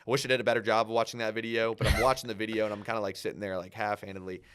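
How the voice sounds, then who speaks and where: A young man, a guest on a talk show, telling a story in a casual, animated way. He fills his talk with "like", acts out his own thoughts and swears casually. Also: lowish voice, rapid-fire, clean tone. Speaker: podcast guest.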